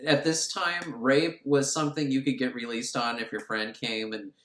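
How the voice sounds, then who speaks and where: A man's voice: mid-range voice, level tone, moderate pace, fairly bright tone. A man giving a crude, sarcastic, rambling comic recap of a movie in a roomy space. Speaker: film reviewer. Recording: roomy echo.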